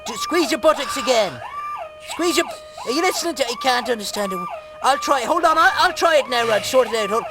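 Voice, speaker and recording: A man voicing a cranky, foul-mouthed old Irish bachelor puppet with an Irish accent, gruff and bossy as he hosts a comic spooky story. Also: very high-pitched, wildly swooping pitch, brisk, full character voice. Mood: flustered. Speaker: storyteller host. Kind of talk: puppet comedy narration.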